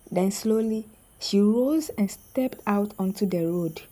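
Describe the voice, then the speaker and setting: A woman narrating a scripted story in a slow, suspenseful way with dramatic pauses. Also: medium pitch, warm tone, poor audio.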